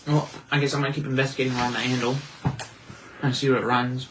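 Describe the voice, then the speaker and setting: A man playing a tabletop game, stating his moves in a low-key way. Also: little pitch movement, fast talker, background noise. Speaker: player.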